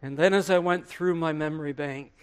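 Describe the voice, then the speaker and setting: An actor playing an aged male apostle, preaching a first-person dramatic sermon monologue in a slow, earnest way with dramatic pauses. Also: fairly high pitch, fairly even intonation, clear, resonant tone, lightly acted. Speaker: preacher in character. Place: room with listeners.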